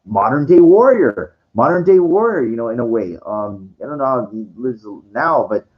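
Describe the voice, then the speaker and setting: A man talks through a loose, rambling monologue, cursing freely and tripping over his own sentence starts. His pitch swings widely as he goes. The recording sounds dull and lo-fi. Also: expressive, moderate pace. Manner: rambling, profane, many restarts and fillers. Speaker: vlogger.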